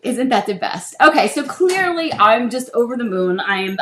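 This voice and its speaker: A middle-aged woman hosting a casual livestream from her home office desk, chatty and quick to laugh. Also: mid-range voice, fairly bright tone. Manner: chatty, laughs often, coos to a toddler. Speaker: livestream host.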